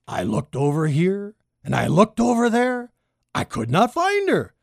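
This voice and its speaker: A woman reading a rhyming children's story aloud, expressive and sing-song. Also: unhurried, no echo, studio quality. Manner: expressive, sing-song, big pitch leaps. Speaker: storybook reader.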